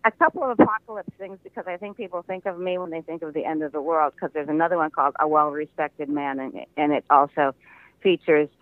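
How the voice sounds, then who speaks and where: A man's voice: a little high, quick pace, no room sound. An older man, an actor from the American Midwest, chatting as a guest in a phone interview and telling stories with frequent laughter. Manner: chatty storyteller, laughs often. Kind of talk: casual interview over the phone. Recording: tinny phone line, dry.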